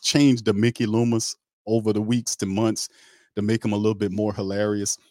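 A man hosting a casual live-stream sports chat, reading out chat names and talking in an animated, repetitive way. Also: fairly low pitch, moderate pace, no echo, clean studio sound. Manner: animated, repeats himself, reads chat shout-outs. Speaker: host.

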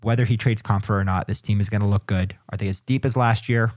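A man's voice: on the low side, fairly even intonation, fast talker, a little mellow, no echo, clean studio sound. A man co-hosting a sports podcast, making his points in an emphatic, argumentative way. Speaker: podcast co-host. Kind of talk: casual sports podcast chat.

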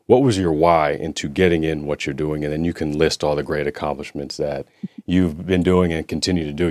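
A man's voice: low voice, no echo, studio quality. A man hosting an interview show, asking long, winding questions with restarts. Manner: warm-up questions with long, rambling setups and restarts. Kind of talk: conversational interview.

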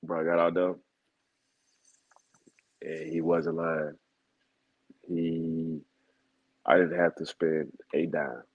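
A man's voice: extremely low pitch, flat delivery, slow pace, pauses often, breathy edge, phone-quality sound. A man co-hosting a football talk show, telling stories and repeating names for emphasis in casual chat. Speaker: football analyst co-host.

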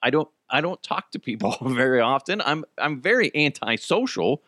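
A man's voice: medium pitch, big pitch swings, normal speed, bright, forceful tone, no room sound, studio quality. A man in his thirties hosting a podcast, telling a story in a rambling, self-deprecating way and swearing freely. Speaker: podcast host. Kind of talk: casual storytelling monologue.

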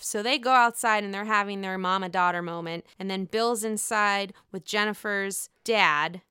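A woman's voice: medium pitch, moderate pace, few pauses, pushed and bright, smooth, no echo, studio quality. A woman hosting a casual, profane podcast recap of a reality show, acting out the lines of the people in it. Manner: chatty, profane, acts out quotes.

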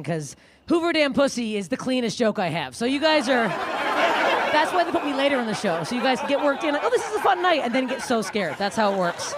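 A woman in her thirties doing a crude, self-deprecating stand-up set, acting out shouted quotes. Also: mid-range voice. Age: 30s. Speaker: stand-up comedian. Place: comedy club stage. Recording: live club with faint crowd and noise. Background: audience laughter.

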